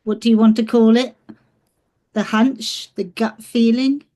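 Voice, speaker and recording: A woman's voice: fairly high pitch, fairly even intonation, unhurried, mellow. A woman co-hosting a podcast, teasing her co-hosts and steering the discussion. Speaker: podcast co-host. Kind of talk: casual chat.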